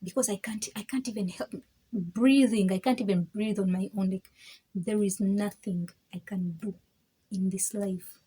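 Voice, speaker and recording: A woman's voice: mid-range voice, fairly even intonation, normal speed, warm tone, husky, poor audio. A woman giving a candid personal faith testimony, emphatic and frank, repeating herself and laughing between points. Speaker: vlogger sharing her faith testimony.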